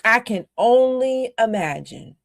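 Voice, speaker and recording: Woman ranting, blunt and heated, kinda high voice, dry close sound. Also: animated, slow pace, gravelly, no room sound. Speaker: commentary host. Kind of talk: casual commentary.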